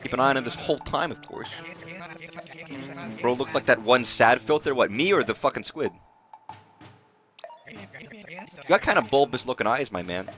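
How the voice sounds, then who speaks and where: A male streamer rambling through live gameplay commentary, swearing casually and restarting his phrases. His voice is bright and his pitch swings widely. Faint music plays underneath. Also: animated, moderate pace, pauses often.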